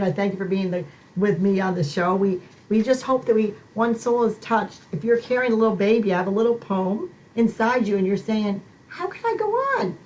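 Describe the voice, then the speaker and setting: A middle-aged woman hosting a Christian ministry podcast, talking emotionally in a preacher-like way that swings high for emphasis. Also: dark tone, low-quality recording. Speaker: podcast host.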